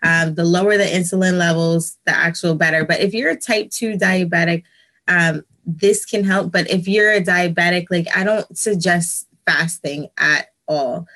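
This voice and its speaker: A woman with a fairly low voice, a guest personal trainer, explains a health tip in an explanatory way, with frequent ums. She is heard over a video call. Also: normal speed, a bit bright.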